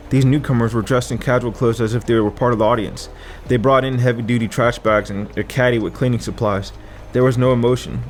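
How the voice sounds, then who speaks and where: A man's voice: mid-range voice, slight background noise. A man narrating a first-person thriller audiobook with vivid, dramatic storytelling.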